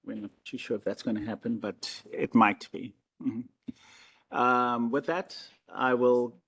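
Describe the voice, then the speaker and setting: A man giving procedural announcements at the opening of a formal meeting, measured and instructive, with some fillers. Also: mid-range voice, steady tone, vocal fry, a bit bright, breathy edge.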